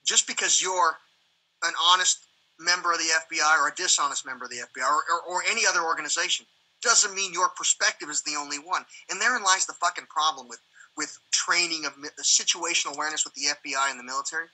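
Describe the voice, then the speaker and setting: A man's voice: on the high side, quick pace, low-quality recording. A man hosting a livestream in casual rambling chat, swearing often and acting out quoted exchanges. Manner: profane, animated, acts out quoted exchanges. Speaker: livestream host.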